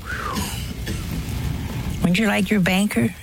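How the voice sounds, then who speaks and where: A woman's voice: lowish voice, expressive, slow, vocal fry, noisy background. A woman preaching a sermon to a live audience in a folksy, humorous way, acting out bits of dialogue.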